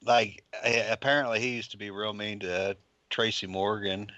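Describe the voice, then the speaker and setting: A man's voice: fairly low pitch, steady tone, moderate pace, sharp tone, no echo. Chatty man on a muffled mic. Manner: chatty, laughs easily. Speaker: podcast co-host. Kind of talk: casual chat.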